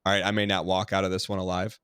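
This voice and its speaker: A man's voice: low voice, completely flat delivery, quick pace, fairly bright tone, clean tone, no echo, studio quality. A man hosting a podcast, asking long rambling questions full of restarts and fillers. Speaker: podcast host. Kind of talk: casual interview talk.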